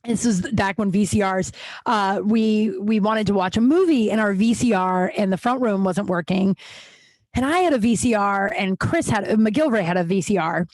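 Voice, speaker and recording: A woman podcast host in her thirties talks at a middle pitch, full of restarts and asides. She sounds wired and jittery from too much coffee, and the recording is dry and close to the mic. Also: normal speed, darkish tone, no echo. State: jittery, over-caffeinated. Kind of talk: casual storytelling monologue.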